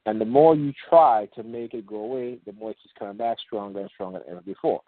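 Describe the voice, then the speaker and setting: This call-in show host has a mid-range voice, heard dry with no echo through a tinny phone line. His casual explanations ramble and halt, packed with fillers and restarts, while example passages get read slowly and deliberately.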